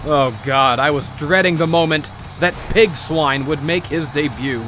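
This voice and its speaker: A man's voice: a little high, moderate pace, fairly bright tone, faint music behind. A man doing over-the-top mock wrestling commentary with melodramatic outraged rants. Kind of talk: comedic play-by-play commentary.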